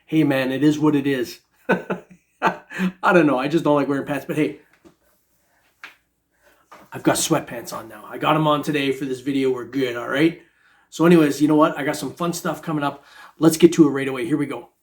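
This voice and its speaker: A man's voice: on the high side, normal speed, pauses often. A middle-aged man vlogging about his metal detecting hobby in casual, joking chat, rambling with lots of fillers. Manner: laid-back, joking, rambling with many fillers.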